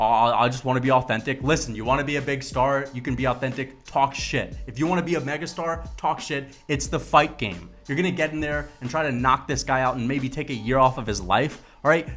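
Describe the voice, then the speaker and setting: A man ranting to camera about fighters, casual and profane, with emphatic, animated delivery. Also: mid-range voice, fairly quick, faint music behind. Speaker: MMA commentary vlogger. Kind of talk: casual opinion rant to camera.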